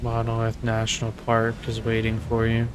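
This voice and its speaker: A man's voice: mid-range voice, completely flat delivery, normal speed, background noise. A man playing a video game and commenting casually, swearing, joking and sarcastic. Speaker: gaming video host.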